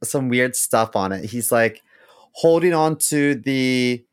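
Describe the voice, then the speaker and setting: A man's voice: medium pitch, slow, clear, resonant tone. A man co-hosting a podcast, telling rambling, wry stories in casual chat. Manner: wry, rambling storytelling with a lively lilt. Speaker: podcast co-host.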